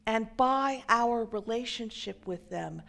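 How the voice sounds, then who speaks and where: A woman minister telling a story in a sermon, measured, sometimes dropping to a hushed near-whisper. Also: on the high side, creaky.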